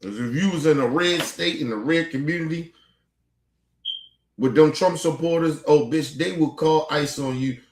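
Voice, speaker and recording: A man's voice: fairly high pitch, moderate pace, a little mellow. Exasperated man ranting in an echoey room. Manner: profane, exasperated rant. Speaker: streamer and commentator. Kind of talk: casual reaction commentary.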